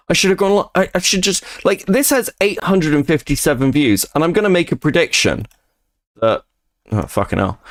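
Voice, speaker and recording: A man streaming live, ranting casually and profanely about online drama. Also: on the high side.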